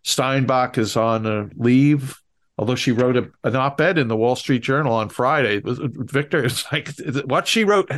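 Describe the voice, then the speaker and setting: A man cohosting a podcast, talking in a halting way with fillers and restarts. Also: medium pitch, fairly bright tone. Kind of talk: conversational commentary.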